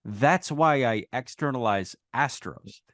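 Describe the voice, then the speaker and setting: A man's voice: mid-range voice, expressive, slow pace, a bit bright, no echo. A man co-hosting a casual sports podcast, talking loosely and sarcastically, swearing freely on a close mic. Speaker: podcast co-host.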